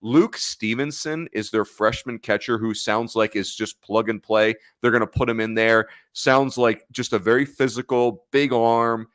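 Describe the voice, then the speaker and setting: A man's voice: medium pitch, steady tone, moderate pace, hardly any pauses, fairly bright tone, no room sound, studio quality. A man co-hosting a sports podcast in casual chat, talking in a chatty way, correcting himself and laughing easily. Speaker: podcast co-host.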